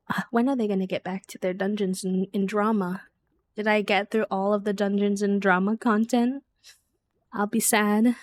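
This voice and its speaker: A woman's voice: mid-range voice, fairly even intonation, normal speed. A woman streaming a farming game, chatting casually, laughing often and thanking viewers. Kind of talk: casual gameplay commentary.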